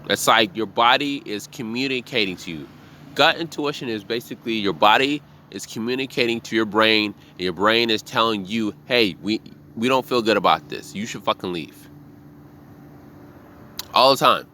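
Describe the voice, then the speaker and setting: A man who works as a bartender, giving a blunt, profane, animated monologue about trusting your gut. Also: on the low side, normal speed, a little hiss or hum. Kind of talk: casual motivational monologue.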